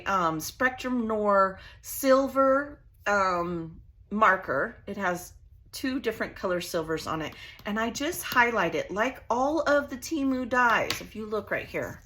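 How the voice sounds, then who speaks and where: A woman's voice: medium pitch, bright, forceful tone, a little hiss or hum. A woman hosting a casual craft tutorial, chatty and bubbly as she works at her home craft table. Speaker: crafting channel host.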